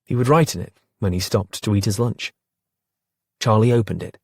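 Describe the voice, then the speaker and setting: Man, audiobook narrator, low voice, husky, dry close recording. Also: normal speed, no echo. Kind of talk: scripted narration.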